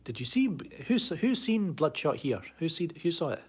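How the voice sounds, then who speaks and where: Husky Glaswegian man rambling on a stream. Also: on the high side, very animated, normal speed. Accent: Glaswegian Scottish. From Scotland. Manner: rambling, sardonic, reads chat aloud. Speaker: live stream host. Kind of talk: casual live stream chat. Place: home room.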